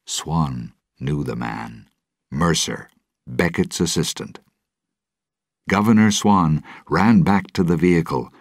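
Male storybook narrator, very deep and husky, slow and expressive, dry close recording. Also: no echo. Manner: measured, dramatic reading.

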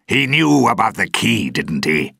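Man doing a slow, sinister sea captain. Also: lowish voice, big pitch swings, vocal fry, sharp tone, breathy edge, no echo, studio quality, pitched above the performer's own voice, heavily acted. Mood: menacing. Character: menacing sea captain Jones, cruel and commanding.

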